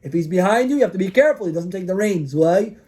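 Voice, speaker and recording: Male rabbi, high pitch, lively storyteller sermon, acts out characters. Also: fast talker, slightly rough. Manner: animated, acts out characters in the stories.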